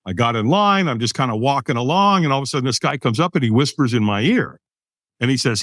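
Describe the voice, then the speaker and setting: A man's voice: medium pitch, sing-song, brisk, a bit bright, no room sound. A man in his sixties, a podcast guest from the United States, telling a personal story with vivid energy and acting out the other people in it. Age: 60s. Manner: vivid storyteller who acts out quoted voices.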